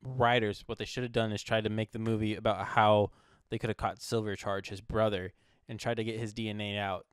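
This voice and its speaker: A man's voice: fairly low pitch, flat delivery, a little fast, hardly any pauses, clean tone, no echo, studio quality. A man co-hosting a movie review podcast, chatting casually and joking, often laughing. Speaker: podcast co-host.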